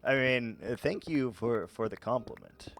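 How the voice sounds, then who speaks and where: A man's voice: medium pitch, normal speed, fairly bright tone, slight background noise. A man streaming a game, chatting casually and teasing his viewers, often laughing at his own jokes. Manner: teasing, playful banter with chat. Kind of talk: casual live-stream chat while gaming.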